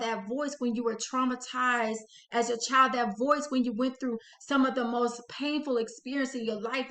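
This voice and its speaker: A woman hosting an inspirational channel, narrating a guided visualization slowly and dramatically, speaking to the listener as "you". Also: on the high side, a bit bright. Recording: echoey room.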